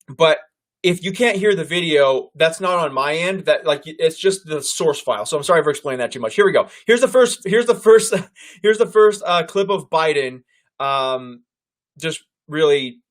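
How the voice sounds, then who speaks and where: A man hosting a political livestream, talking loudly and animatedly and calling his viewers "guys". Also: fairly high pitch, normal speed. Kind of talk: casual political commentary.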